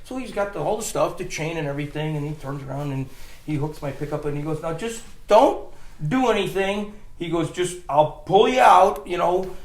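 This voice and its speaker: A man with a fairly high voice tells a funny story in a loose, rambling way, often restarting his sentences and laughing. He sounds like he is recorded in an echoey room. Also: moderate pace. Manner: animated, rambling, restarts and laughs while telling. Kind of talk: casual storytelling chat.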